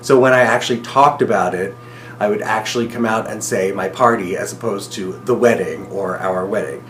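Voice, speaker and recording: A young man talks straight to the camera in a rambling, excited video diary, his voice close to tears at times. The room rings with echo, and soft music plays faintly underneath. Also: fairly low pitch, brisk. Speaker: groom-to-be recording video messages to his partner.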